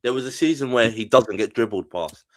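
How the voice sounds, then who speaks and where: A man's voice: mid-range voice, fairly quick, no echo. A man in a casual football debate who pushes back insistently on the others' points.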